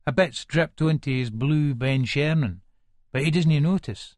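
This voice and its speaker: In a full-cast audiobook, an actor with an Edinburgh Scots accent narrates in first person as a volatile, foul-mouthed middle-aged man from Leith, coarse, swearing and menacing. His male voice is fairly high and unhurried, lightly acted, and recorded clean in a studio with no room sound.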